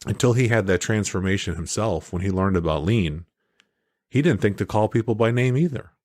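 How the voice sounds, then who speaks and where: Male host, low voice, dry close sound; reflective, questioning, quippy. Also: lively intonation, a little mellow, no room sound. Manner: reflective, asks questions and adds quick quips. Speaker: podcast host. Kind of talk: casual conversation.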